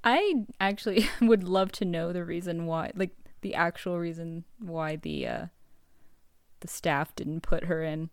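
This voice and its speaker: Low-voiced woman musing casually. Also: sing-song, a little slow, no room sound. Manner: thoughtful, hesitant, with dry quips. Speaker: podcast co-host. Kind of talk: casual chat.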